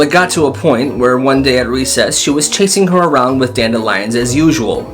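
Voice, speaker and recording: A man narrating comedic storytimes in a playful manner, jumping into character voices for skits. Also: mid-range voice. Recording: over loud background music.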